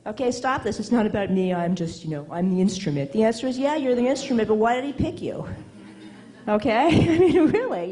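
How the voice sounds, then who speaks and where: A woman's voice: fairly high pitch, mellow, poor audio. A woman writing coach giving an emphatic, teasing talk to a live audience, often checking in with "okay?". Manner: emphatic, teasing, quick asides asking "okay?". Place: event hall with an audience.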